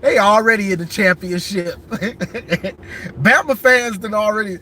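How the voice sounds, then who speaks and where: A man with a fairly high voice talks sports from behind the wheel. His delivery is emphatic and lively, full of repeats and restarts. Loud road noise from the moving car sits under him. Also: a little slow. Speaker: sports vlogger. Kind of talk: casual sports talk. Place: in a car while driving.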